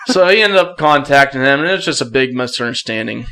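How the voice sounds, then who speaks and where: Bright-voiced man telling a hunting story. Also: medium pitch, normal speed. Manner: animated, laughs through the story, throat clearing. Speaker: podcast guest. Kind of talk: casual storytelling.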